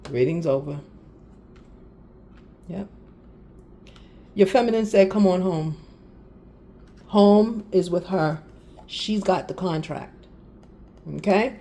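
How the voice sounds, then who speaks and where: A woman's voice: on the low side, slow, long pauses, mellow. A woman doing a casual spiritual card reading, talking straight to viewers with laughs and exasperated asides. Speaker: tarot reader.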